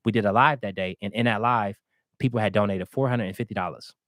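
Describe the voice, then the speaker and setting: A man tells a story at a brisk clip and speaks right into a dry, close studio mic. His pitch sits in the middle. He is animated and slips into the voices of the people he describes. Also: no room sound. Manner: animated, acts out quoted voices. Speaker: guest storyteller. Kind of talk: casual anecdote telling.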